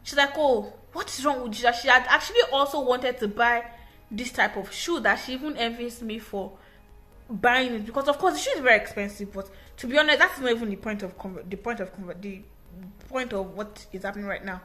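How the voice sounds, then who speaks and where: A young woman retells a personal story in casual, animated bursts, often restarting her sentences. Her voice sits fairly high and sounds bright and forceful. Soft music plays faintly underneath. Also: fairly quick. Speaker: English teacher.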